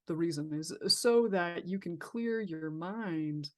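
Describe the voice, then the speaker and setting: Woman, podcast guest, lowish voice, casual, reflective, lots of fillers. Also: takes it slowly, darkish tone. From San Diego, California. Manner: reflective, chatty, many fillers and restarts. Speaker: therapist guest.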